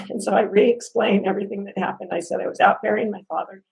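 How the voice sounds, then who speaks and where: In a casual spoken review, a woman tells a complaint story, animated and laughing between lines while acting out what people said, yet upset and near tears. Her mid-range voice is brisk and creaky on a low-quality recording.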